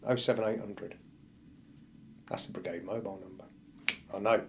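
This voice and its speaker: Low-voiced man retelling a loss bluntly. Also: fairly even intonation, normal speed, slight background noise. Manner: blunt, vivid retelling that acts out the dialogue. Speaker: firefighter guest. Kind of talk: emotional personal storytelling.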